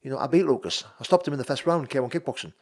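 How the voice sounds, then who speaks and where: A man in his thirties with a Geordie accent, talking as a podcast guest. He speaks bluntly and swears freely. He drops to a low, quiet voice at times, then pushes out loud and emphatic. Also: expressive, very fast. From North East England. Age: 30s. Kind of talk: casual podcast chat.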